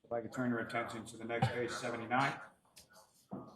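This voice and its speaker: A man with a Boston accent questions a witness in a formal, polite way as a prosecutor, pausing often on "uh". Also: mid-range voice, level tone, a bit bright. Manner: formal, polite, with frequent "uh" pauses. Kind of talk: courtroom examination.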